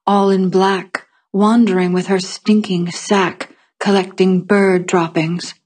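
Husky woman narrating a story. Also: medium pitch, darkish tone. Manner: measured first-person storytelling. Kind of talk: audiobook fiction narration.

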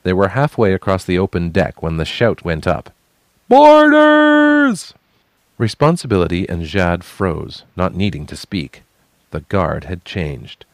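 A man with a very low voice narrates a fantasy story in a measured, even manner. The recording is close and dry, with no room sound. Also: dry recording. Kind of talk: scripted fantasy audiobook narration.

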